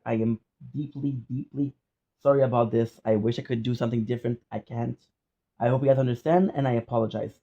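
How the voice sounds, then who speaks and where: A gaming streamer venting to his viewers in a casual vlog, a man who curses and says the same thing over and over. His voice is mellow and dark in tone. The recording is dull and lo-fi, as if made on a phone. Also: medium pitch. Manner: frustrated, swearing, repeating himself.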